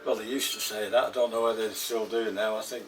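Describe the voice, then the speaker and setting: A man's voice: fairly low pitch, little pitch movement, fast talker, soft background music. A man from England with an English accent, chatting casually to camera in a home kitchen, rambling and repeating himself as he talks. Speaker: home cooking vlogger.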